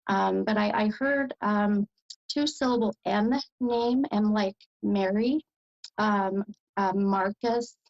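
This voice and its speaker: A woman's voice: mid-range voice, slow, gravelly, dull audio. An American woman hosting a psychic reading as a medium, speaking hesitantly with many fillers and bursts of delight.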